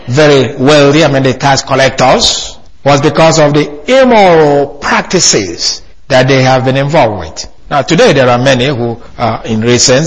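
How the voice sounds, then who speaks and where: A man preaching an expository Bible lesson, speaking deliberately and repeating key phrases for emphasis. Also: on the high side, rough recording.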